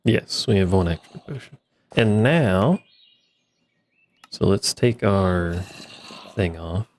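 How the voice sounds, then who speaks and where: Male streamer, lowish voice, easygoing rambling play-by-play, wry humor, desk mic. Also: animated, slow pace, slight background noise. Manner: laid-back, rambling, wry asides to himself. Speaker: streamer playing a modded block-building game. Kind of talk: casual gameplay commentary.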